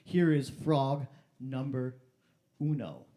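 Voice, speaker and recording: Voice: mid-range voice, slow pace, heavy background noise. A playful host running a silly game show on a live stream, stretching out key words like an announcer.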